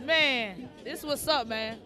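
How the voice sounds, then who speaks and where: A man hosting a live outdoor bike night, excitedly giving repetitive shout-outs. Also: very high-pitched, slow, music in the background. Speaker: show host. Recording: crowd noise behind, outdoors.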